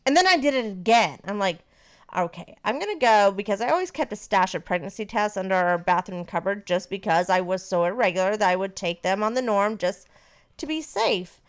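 A woman's voice: mid-range voice, fairly quick. Chatty woman telling a story. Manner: chatty, animated, swears casually. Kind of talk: casual storytelling chat.

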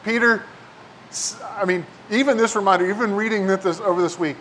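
A man's voice: high-pitched, fairly quick, fairly bright tone, a little hiss or hum. A man preaching a sermon in a casual, conversational way, often asking the listeners "right?". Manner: casual, talks with many rhetorical "right?" and "like" asides. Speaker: pastor.

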